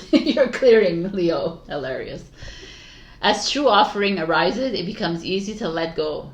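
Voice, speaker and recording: A woman reading tarot cards for viewers in a loose, rambling way, often breaking into laughter as she talks about letting go and self-love. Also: on the low side. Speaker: tarot reader. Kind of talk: casual tarot reading monologue.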